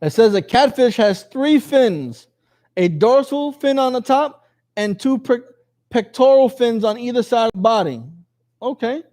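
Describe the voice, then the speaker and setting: A man's voice: very high voice, expressive, measured pace, darkish tone. A man teaching a lesson to a class, quizzing his students in a jokey way and reading passages aloud. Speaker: religious teacher.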